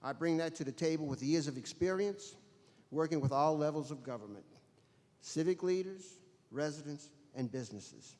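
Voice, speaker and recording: A man giving a steady, businesslike closing statement as a candidate, listing his priorities. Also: on the high side, moderate pace. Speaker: candidate for parish president. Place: school auditorium. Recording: reverberant auditorium with long echo.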